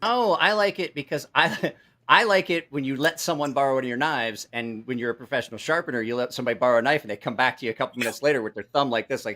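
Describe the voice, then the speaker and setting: A man's voice: medium pitch, fast, bright, forceful tone. A middle-aged man hosting a casual live chat, telling salty stories and acting out quotes. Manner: swearing storyteller, acts out quotes. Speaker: host.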